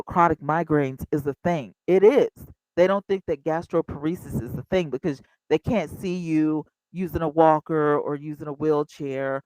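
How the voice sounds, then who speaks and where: A woman in her fifties hosting a casual livestream, chatty and animated, talking straight to her viewers. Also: deep voice, no echo, poor audio. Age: 50s. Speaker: livestream host.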